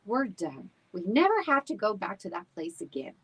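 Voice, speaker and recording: Figure: woman playing a bold, matter-of-fact female dog in a storybook. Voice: husky, animated. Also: medium pitch, normal speed, voice pushed up, poor audio. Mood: sassy.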